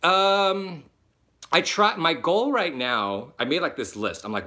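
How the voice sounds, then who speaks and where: A man hosting a live question-and-answer stream, chatting casually and animated, a little sick, talking at home into a laptop mic. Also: a little high. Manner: chatty, animated, quick asides and self-mocking laughs. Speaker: web series creator and host.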